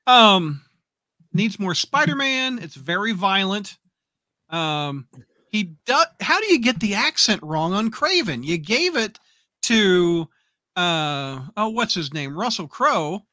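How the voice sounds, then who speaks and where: A man's voice: sits high, very animated, takes it slowly, bright, forceful tone, no echo, studio quality. A man hosting a fan podcast, reading listener comments aloud and laughing often. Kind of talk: casual fan podcast chat.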